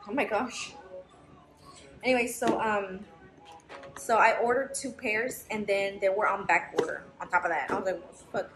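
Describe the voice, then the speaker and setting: Young woman vlogger, blunt and profane, mid-pitched voice, roomy echo, music under her. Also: steady tone, normal speed, pauses often. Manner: frank, swears freely, chatty storytelling. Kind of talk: casual chat to camera.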